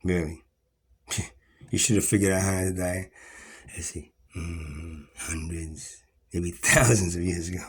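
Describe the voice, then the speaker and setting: A man's voice: sits low, steady tone, unhurried, pauses often, slightly rough. A man ranting in an agitated, rambling, profane monologue to camera, full of restarts.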